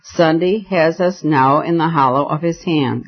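A frantic nobleman who is secretly a police inspector rants in loud, breathless tirades, as a male narrator puts him on. The voice sits fairly high for a man. The audiobook recording sounds dull and lo-fi. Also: unhurried. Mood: grim.

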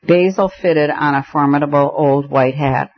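A man narrating a story aloud in a measured, even storytelling voice. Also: fairly high pitch, lo-fi sound, soft background music. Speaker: audiobook narrator. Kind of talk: scripted narration.

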